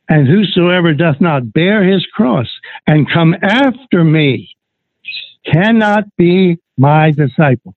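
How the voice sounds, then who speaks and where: A man preaching a sermon to his brethren, reading scripture in a slow, deliberate way. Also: on the high side, very animated, no room sound. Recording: tinny phone-like recording.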